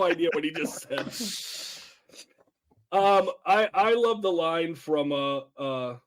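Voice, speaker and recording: Rambling podcast man, slightly high voice. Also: measured pace. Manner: rambling, laughs while retelling quotes. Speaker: podcast co-host. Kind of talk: casual chat about a film.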